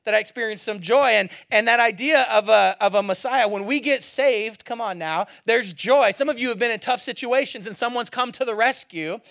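Bright high-voiced male pastor preaching. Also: no room sound, studio quality. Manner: casual, joking and conversational. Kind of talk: sermon.

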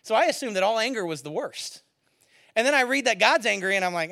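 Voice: medium pitch, expressive, fast, creaky, pushed and bright. A pastor preaching a sermon with rising passion, building to fiery emphasis and then settling back.

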